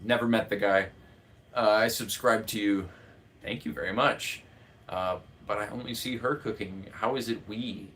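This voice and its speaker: A man's voice: lowish voice, steady tone, moderate pace, a bit bright, a little hiss or hum. A man from the United States who runs the chat on a live cooking stream, rambling and joking and laughing often. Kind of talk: casual livestream chat.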